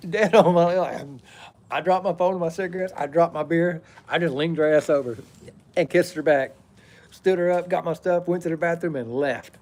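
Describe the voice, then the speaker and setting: A man's voice: fairly high pitch, moderate pace, darkish tone. A man, telling a personal story in a rambling, profane, drawling way.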